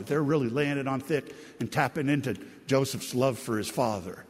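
A man's voice: mid-range voice, lively intonation, moderate pace, few pauses, breathy edge. A man preaching a sermon as a pastor, earnest and conversational, leaning into the heartfelt moments. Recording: long hall reverb.

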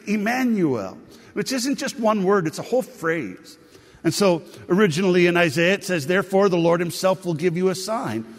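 Gravelly-voiced male preacher in a reverberant hall. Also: a little high. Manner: teaching, conversational with emphatic rises. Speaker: pastor. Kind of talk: sermon.

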